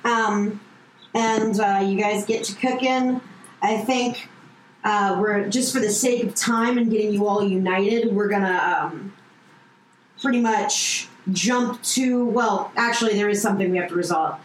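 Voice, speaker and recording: A woman runs a tabletop game at an unhurried pace, her talk full of fillers and restarts. She sounds like she is in a roomy, echoing space with a faint background hum. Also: medium pitch. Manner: hesitant, many fillers and restarts. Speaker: dungeon master.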